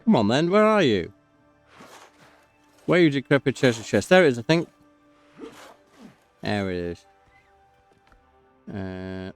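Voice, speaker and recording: A man's voice: medium pitch, very animated, slow, long pauses, clean tone, no echo, soft background music. A man giving casual, chatty gameplay commentary, talking to himself and cracking jokes as he plays. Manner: chatty, self-talking, jokey.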